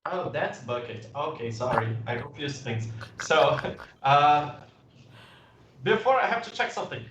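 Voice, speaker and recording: A man playing a tabletop game, talking slowly and unsure of himself as he thinks aloud. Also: on the high side, expressive, a bit bright. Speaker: player. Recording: distant, echoey, muffled mic with faint noise.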